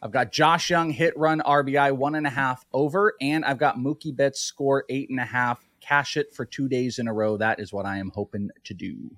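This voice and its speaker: Podcast co-host, casual betting picks, relaxed, offhand, dry close sound. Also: medium pitch, normal speed, few pauses, no room sound. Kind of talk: casual sports podcast chat.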